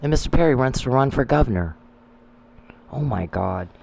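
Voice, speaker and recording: A man's voice: mid-range voice, expressive, normal speed, creaky, very noisy. Man ranting at someone, scolding, cursing, repeating himself, ordinary mid voice. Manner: scolding, profane, repetitive. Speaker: commentary channel host. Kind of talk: angry monologue addressed to opponents.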